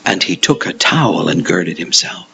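A man's voice: low-pitched, very animated, moderate pace, creaky, sharp tone, slight background noise, rough recording. A man preaching a verse-by-verse Bible teaching, stressing key words and acting out the disciples' protests in a raised voice. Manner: emphatic, acts out Peter's protests in a raised voice.

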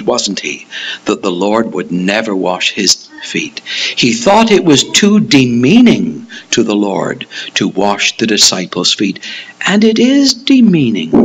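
A husky-voiced male preacher teaching slowly through a passage. His pitch swings widely, climbing high when he voices a protesting disciple and dropping low for quiet asides. The delivery is unhurried and deliberate. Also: low-quality recording. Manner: emphatic, acts out Peter's protests in a raised voice. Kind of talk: expository Bible teaching.

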